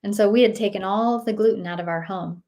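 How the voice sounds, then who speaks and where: A woman's voice: medium pitch, fast talker, mellow. Chatty storytelling woman, full of fillers. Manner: chatty storyteller, many fillers, acts out quotes. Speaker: nutritionist guest. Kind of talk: casual interview chat.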